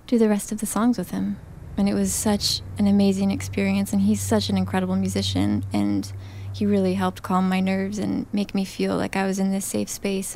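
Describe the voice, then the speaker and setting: A woman's voice: medium pitch, vocal fry, warm tone, slight background noise. A young woman, a singer, talking as a guest in a casual interview, gushing and enthusiastic. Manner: enthusiastic, gushing, laughs often.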